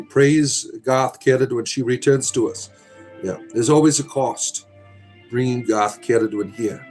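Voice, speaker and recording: A man's voice: medium pitch, darkish tone. A middle-aged man hosting a casual livestream, reading chat aloud in a rambling, sardonic, irreverent way.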